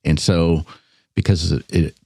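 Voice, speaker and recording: A man with a very low, deep voice talks through history questions in an easygoing, joking way, thinking out loud as he goes. The sound is dry and close, with no room around it. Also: slow, gravelly, no echo. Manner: relaxed, joking, thinks aloud. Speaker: licensed battlefield guide. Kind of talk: casual podcast chat.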